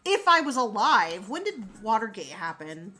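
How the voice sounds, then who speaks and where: A woman in her forties chatting casually on a livestream, reading comments aloud with animated, sarcastic asides. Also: medium pitch, moderate pace. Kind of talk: casual chat.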